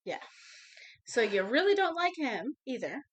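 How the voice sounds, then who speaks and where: A woman's voice: high-pitched, sing-song, a little slow. A woman co-hosting a podcast, chatting casually about a movie, swearing freely and finishing her co-host's sentences. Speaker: podcast co-host.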